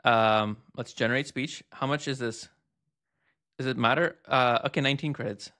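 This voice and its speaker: A man in a relaxed review video, his voice bright and ringing. He chats at an easy everyday pitch, trails off into fillers and throws in quick asides. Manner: chatty, thinking aloud with fillers and quick asides. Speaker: host reviewing text-to-speech tools. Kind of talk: casual hands-on review.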